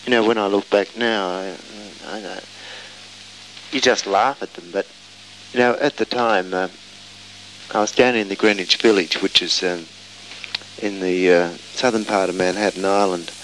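A man's voice: sits low, steady tone, normal speed, a bit bright, slight background noise, low-quality recording. A man telling a casual, meandering travel anecdote. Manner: rambling, meandering storytelling.

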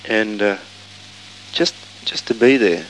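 A man's voice: on the low side, slow pace, a bit bright, a little hiss or hum, rough recording. A man telling a casual, meandering travel anecdote. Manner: rambling, meandering storytelling.

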